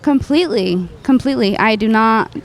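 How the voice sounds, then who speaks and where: A young woman answers a street interviewer outdoors, frank and outspoken, with no qualms about swearing. Her voice is fairly high and swings widely in pitch as she tells her stories. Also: animated, moderate pace. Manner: candid, outspoken, swears freely. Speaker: interviewee, warranty admin and nursing student.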